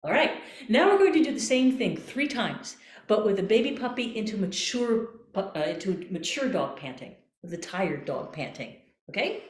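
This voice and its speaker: A woman voice coach calmly guiding a breathing exercise, repeating gentle cues. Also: medium pitch, moderate pace. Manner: calm, coaxing, repeats cues. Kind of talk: guided breathing exercise instruction. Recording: echoey room.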